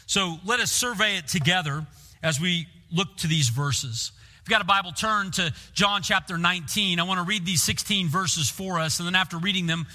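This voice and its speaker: Male pastor, high, very bright voice, earnest sermon, long reverb from a big church hall. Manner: earnest, asks the listeners questions.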